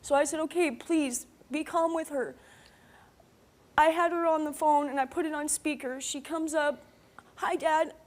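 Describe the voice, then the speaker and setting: A woman's voice: high-pitched, steady tone, normal speed. A woman on a talk show, a mother earnestly retelling what happened, step by step, quoting each exchange. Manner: earnest, retells dialogue in detail. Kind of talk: emotional personal account.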